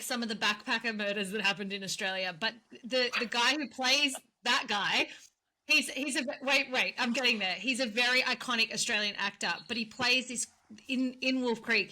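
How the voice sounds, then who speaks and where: A woman's voice: a little high, pushed and bright. A woman co-hosting a podcast, chatty and teasing, rambling through her explanations. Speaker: podcast co-host. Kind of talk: casual chat.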